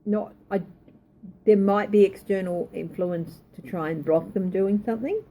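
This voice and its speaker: A woman's voice: mid-range voice, normal speed, dark tone. A woman giving a tarot reading, thinking aloud, hesitant and correcting herself as she goes. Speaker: tarot reader.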